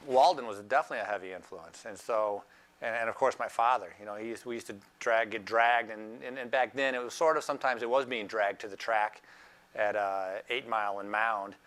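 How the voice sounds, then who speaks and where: A man's voice: on the low side, brisk, a bit bright. A man, a former cyclist, fondly reminiscing in a documentary interview with frequent restarts.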